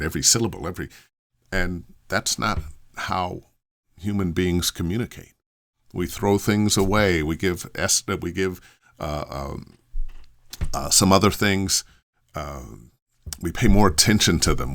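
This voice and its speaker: Very low-voiced man giving casual advice. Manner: relaxed, thinking aloud with many fillers and restarts. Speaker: voice acting coach answering questions.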